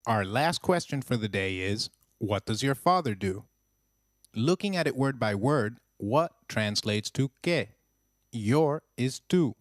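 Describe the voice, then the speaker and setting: A man narrating a scripted language lesson in an even teaching voice, slowing down to model phrases. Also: medium pitch, dry recording, clean studio sound.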